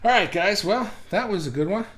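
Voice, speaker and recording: A middle-aged man hosting a casual livestream, reading out viewer comments in an energetic, animated way, often restarting his sentences. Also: high voice, brisk. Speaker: livestream host.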